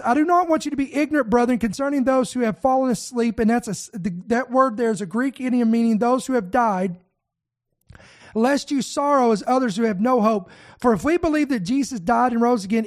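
A preacher delivering a sermon, reading scripture aloud and exhorting the listeners directly with fervent urgency. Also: mid-range voice.

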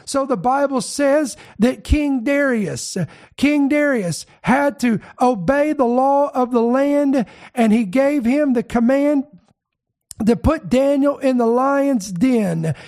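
A man's voice: very high voice, slow pace, darkish tone. A middle-aged preacher man, telling a testimony story in a fervent sermon and building to emphatic declarations.

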